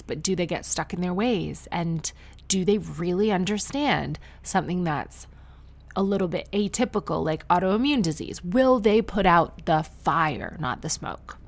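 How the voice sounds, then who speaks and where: A Canadian woman in her thirties chatting on her own in a relaxed monologue. Her voice sits fairly low with a gravelly, fried edge. Her humor is dry and self-mocking. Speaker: podcast host and new mother. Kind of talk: casual monologue.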